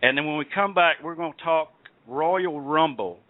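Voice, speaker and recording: This Southern US radio host has a fairly high voice and a moderate pace. He tells meandering, filler-heavy stories in relaxed chat, heard over a dry, tinny line like a telephone.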